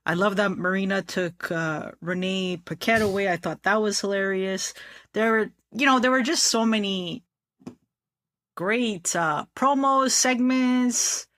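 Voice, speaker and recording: A woman co-hosting a podcast, relaxed and agreeable in casual chat. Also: mid-range voice, a little slow. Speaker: podcast co-host.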